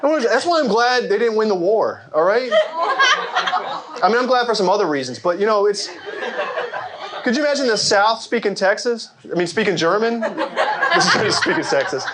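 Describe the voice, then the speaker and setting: High, lively male comic on stage. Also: normal speed, long pauses. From Arkansas. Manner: animated, jokey crowd work with quoted voices. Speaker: stand-up comedian. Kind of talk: stand-up comedy set. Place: comedy club stage before a laughing crowd. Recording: loud audience noise behind.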